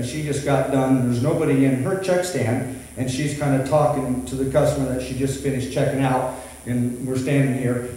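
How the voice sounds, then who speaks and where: A middle-aged man and pastor telling a story in a sermon, rambling and animated with many restarts. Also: medium pitch. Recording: echoey hall from far off.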